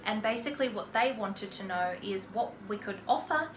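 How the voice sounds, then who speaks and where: A woman's voice: mid-range voice, expressive, moderate pace, background noise. An Australian woman chatting casually through a personal story, with lots of "like" fillers. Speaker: vlogger telling a personal story. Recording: echoey room. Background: lawn mower faintly outside.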